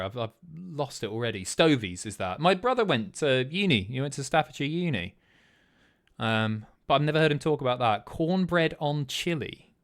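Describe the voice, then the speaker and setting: A man hosting a live stream, chatting casually, swearing and guessing aloud as he reads chat. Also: a little high. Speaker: streamer host.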